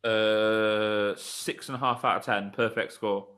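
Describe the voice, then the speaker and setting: A man's voice: lowish voice, steady tone, takes it slowly, fairly bright tone, clear, resonant tone. A man co-hosting a casual podcast chat, giving short, dry answers. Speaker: podcast co-host.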